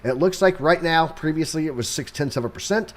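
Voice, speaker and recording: A young adult man with a slightly high voice co-hosts a live market stream, going through the economic calendar a little fast. He keeps it loose and casual, tossing in sarcastic jokes and plenty of fillers.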